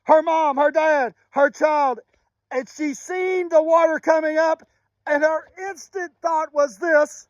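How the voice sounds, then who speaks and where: A man giving an emotional spoken testimony and prayer as a motivational speaker, impassioned and preacherly, dropping to a hushed voice at times. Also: extremely high pitch, fairly even intonation, no echo, muffled recording. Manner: impassioned, preacherly, with pauses and sudden drops to a hushed voice.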